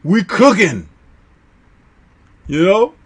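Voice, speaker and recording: A Chicago man with a fairly high voice hosts a live stream chat. He talks loosely in slang and breaks into laughter often. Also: very animated, very slow, slightly rough. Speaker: livestream host reading chat.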